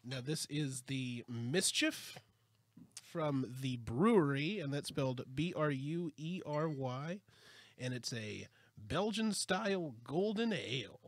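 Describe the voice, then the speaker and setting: A man with a slightly raised pitch reading beer facts at a measured pace, plain and unhurried. He reads from the label as his friends listen around the table. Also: animated. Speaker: podcast co-host.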